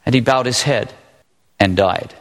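A man preaching a sermon as pastor, earnest and emphatic, with dramatic pauses. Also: medium pitch, a bit bright. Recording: long reverb of a large hall.

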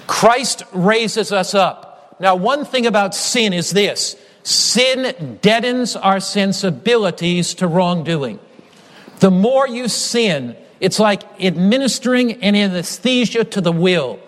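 Brief: male preacher with a high voice, emphatic sermon delivery full of repetition and stories, long reverb of a large hall. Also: animated, slow pace, a bit bright. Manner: emphatic, builds through repeated phrases and storytelling.

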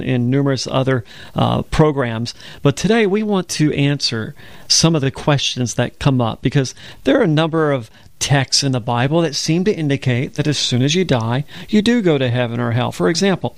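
A man's voice: mid-range voice, no echo. A man co-hosting a religious broadcast, telling stories conversationally and explaining scripture step by step. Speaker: co-host of a Bible program.

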